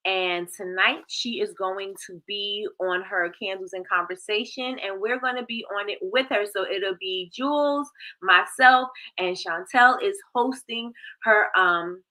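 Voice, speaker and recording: A woman hosting a casual live stream, warmly greeting viewers by name with lively, sing-song shout-outs. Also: mid-range voice, a little slow, poor audio. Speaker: livestream host.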